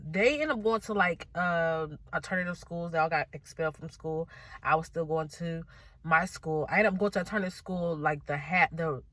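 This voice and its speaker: A young woman with a slightly low voice records a heartfelt vlog from her car. She rambles and restarts, leaning on fillers, and keeps holding back tears. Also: dry recording. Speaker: vlogger. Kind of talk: personal confessional vlog. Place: parked car.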